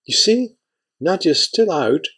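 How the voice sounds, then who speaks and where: A man reading an audiobook, voicing a worried, sharp-tongued middle-aged wife in a raised, tense pitch. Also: very animated, takes it slowly, breathy edge, full character voice. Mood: needling.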